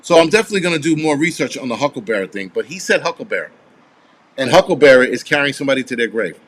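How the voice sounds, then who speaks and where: Talking very fast with lively intonation, a medium-pitched man in his forties hosts a casual live stream. His replies to viewer comments are offhand, full of rambling and profanity.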